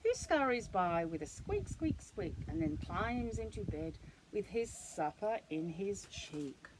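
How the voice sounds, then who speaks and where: Older grandmother reading a slow, lively bedtime story. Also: mid-range voice, background noise. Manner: gentle, expressive storytelling with playful animal noises. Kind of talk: reading a children's bedtime picture book.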